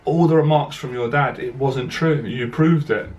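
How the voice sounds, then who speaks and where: A man's voice: mid-range voice, moderate pace, a little mellow, lo-fi sound. A man, a dating coach, telling a personal story to camera in an earnest, direct way, repeating himself as emotion catches in his voice.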